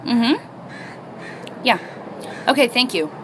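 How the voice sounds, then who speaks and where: A young woman with a bright, clear tone and a slightly higher voice tells a casual storytime. She is animated and swears freely as she goes. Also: slow, slight background noise.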